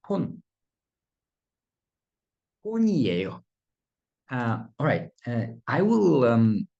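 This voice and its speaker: A man teaching a beginner language lesson in a relaxed, hesitant way with frequent fillers and playful asides. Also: mid-range voice, gravelly, dull audio. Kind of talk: casual video lesson.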